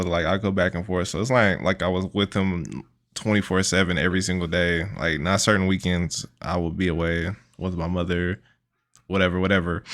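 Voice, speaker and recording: A man's voice: sits low, fairly bright tone. A young man co-hosting a podcast, trading jokes and slangy banter in casual chat. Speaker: podcast co-host.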